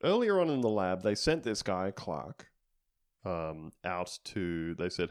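A man with a fairly low voice chats casually through a comedic episode recap. He rambles, restarts, and peppers it with jokes and filler words. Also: animated, unhurried. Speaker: podcast co-host recapping a TV episode.

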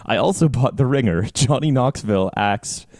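A man's voice: medium pitch, expressive, normal speed, darkish tone, no room sound, clean studio sound. A man co-hosting a podcast, joking around with frequent laughs and stumbling restarts. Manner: giggly, jokey, stumbling restarts. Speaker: podcast co-host. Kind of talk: casual chat.

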